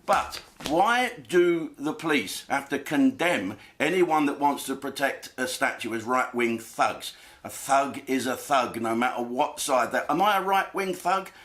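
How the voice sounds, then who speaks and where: A man's voice: medium pitch, expressive, a little slow, hardly any pauses, a bit bright. A man, a comedian, delivering an angry monologue to camera full of swearing and rhetorical questions.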